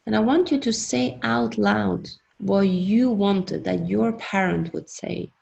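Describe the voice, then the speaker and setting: A woman leads a guided self-hypnosis exercise at a workshop. She speaks slowly, with a strong vocal fry, and her pitch sits in a middle range. She coaches gently and encouragingly, repeating her prompts. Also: dull audio. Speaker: workshop leader.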